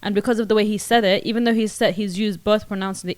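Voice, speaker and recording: A woman's voice: medium pitch, fairly even intonation, fast, no echo. A young woman, co-hosting a casual podcast and thinking aloud with many restarts. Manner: thoughtful, hesitant, many restarts. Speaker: podcast co-host. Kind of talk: casual chat.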